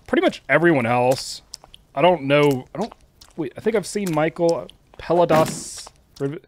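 A man commentating live as he plays a game, excitable and teasing the other players. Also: a little high, unhurried. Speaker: streamer.

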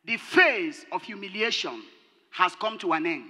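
A woman pastor delivers a fervent sermon, her voice leaping between loud shouted lines and hushed low phrases. Her pitch moves in lively swings, and a long hall reverb trails every word. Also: unhurried, heavy background noise. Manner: impassioned preaching, swinging between shouted peaks and low drops.

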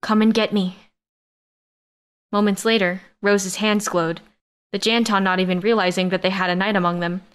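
A woman reads a first-person science-fiction romance audiobook in a steady, expressive narration. Her voice sits at an ordinary mid pitch and keeps an even storytelling flow. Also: brisk, clean tone.

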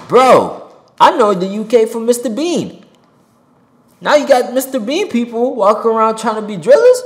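A rapper giving a heated opinion monologue to camera from a home desk mic, swearing and jumping loud and high for emphasis. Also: male voice, very animated, normal speed, reverberant. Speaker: rapper and commentator. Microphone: desk mic with pop filter.

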